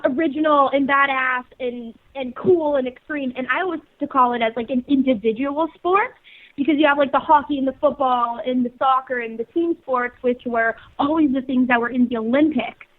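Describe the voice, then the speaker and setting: A Canadian woman co-hosting a casual radio show, energetic and slangy, laughing easily. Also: sits high, normal speed. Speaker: co-host. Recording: tinny phone line.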